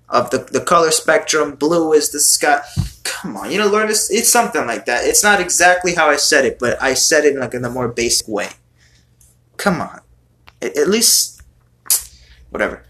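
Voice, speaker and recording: A man's voice: mid-range voice, fairly bright tone. A man giving casual reaction commentary on song lyrics, exasperated and swearing as he mocks them.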